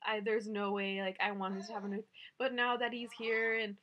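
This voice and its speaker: A woman's voice: mid-range voice, level tone, fairly quick, a bit bright. A young woman in her twenties telling a personal story to camera in a chatty, emotional way, filling her talk with "like". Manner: chatty, says "like" constantly, emotional. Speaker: new mother vlogger.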